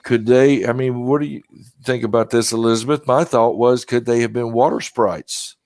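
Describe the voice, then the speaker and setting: A man hosts a podcast in a mid-range, slightly mellow voice, keeping a moderate pace and fairly even intonation. The recording is dry with clean studio sound, and he talks casually with plenty of fillers and self-deprecating asides.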